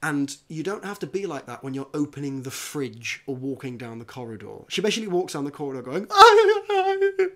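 A man hosting a podcast in casual chat, animated, often restarting and mimicking actors. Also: medium pitch, quick pace, hardly any pauses. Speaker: podcast host.

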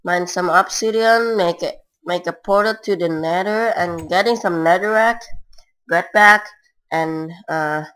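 A woman's voice: lowish voice, a little slow, a bit bright, rough recording. A woman giving casual, rambling gameplay commentary in broken non-native English, with frequent filler words. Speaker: gamer.

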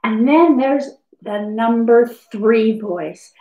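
Sing-song woman teacher, talking slowly to children. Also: high voice, very animated, darkish tone, reverberant, rough recording. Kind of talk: children's lesson video.

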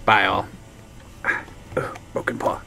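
A man's voice: slow pace, sharp tone. A man streaming a video game, chatting casually, thinking aloud and laughing often. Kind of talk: casual live-stream chat while playing.

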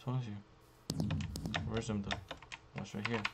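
A young man giving profane, frustrated commentary while playing a survival game, jumping between loud outbursts and low muttering. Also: level tone, a little slow, very noisy. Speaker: gaming YouTuber. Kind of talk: profane live gameplay commentary.

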